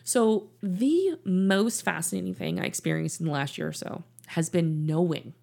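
A middle-aged woman hosting a podcast as a life coach, speaking in an earnest, personal and gently instructive way. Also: fairly low pitch, normal speed, vocal fry, husky. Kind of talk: reflective podcast monologue. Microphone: studio mic in her office.

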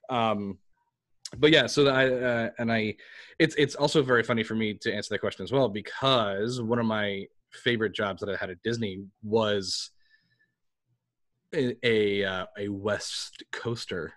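A fairly low-voiced man from New York chatting as a podcast guest. He tells stories animatedly and restarts his sentences often. His pacing is loose and conversational. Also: moderate pace. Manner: animated storyteller, frequent restarts. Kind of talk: casual interview chat.

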